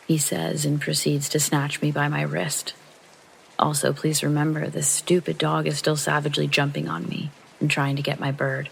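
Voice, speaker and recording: A man narrates a true horror story in a calm, steady read. His voice has a gravelly rasp, and soft rain falls behind him. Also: a little high, slight background noise, low-quality recording. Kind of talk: reading a first-person true horror story for sleep. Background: rain sounds.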